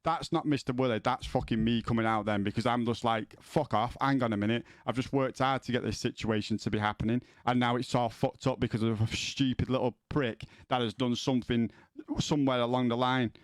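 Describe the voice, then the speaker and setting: A man's voice: mid-range voice, fairly even intonation, brisk, no room sound, studio quality. A man streaming from home, chatting casually with his viewers, rambling and swearing, often stumbling as he starts a sentence. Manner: sweary, rambling, repeats words when starting.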